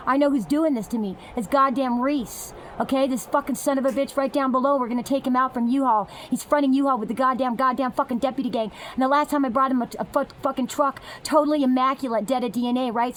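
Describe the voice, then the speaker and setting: A woman's voice: high-pitched, a little hiss or hum. A woman delivering an angry, agitated monologue full of swearing, her sentences tumbling over each other. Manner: agitated, heavily profane, fast tumbling sentences. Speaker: vlogger.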